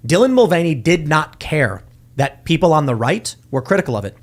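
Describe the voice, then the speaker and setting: Man, podcast host, emphatic, argumentative, slightly high voice, casual chat. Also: big pitch swings, a little fast. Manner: emphatic, argues with acted-out quotes. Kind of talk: casual political talk show chat.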